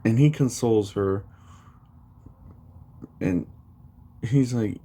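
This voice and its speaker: A man's voice: lowish voice, takes it slowly, long pauses, mellow. A man casually retelling a fan story, rambling with many fillers.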